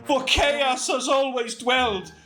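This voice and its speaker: A man's voice: very high voice, steady tone, slow pace, pushed and bright, pitched above the performer's own voice, heavily acted. A man doing a sinister chanting jester. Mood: menacing.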